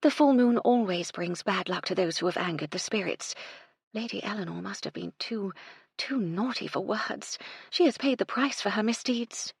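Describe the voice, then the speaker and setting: A woman voicing a mystical, condescending bohemian woman who speaks in drawn-out, mysterious murmurs. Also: medium pitch, creaky, slightly rough, no echo, studio quality, pitched above the performer's own voice. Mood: eerie.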